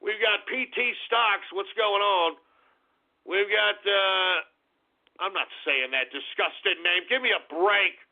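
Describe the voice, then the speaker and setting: A man hosting a talk radio show, reading chat names aloud and launching into angry, cursing, shouted tirades. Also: high-pitched, takes it slowly, gravelly. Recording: tinny phone-like radio sound.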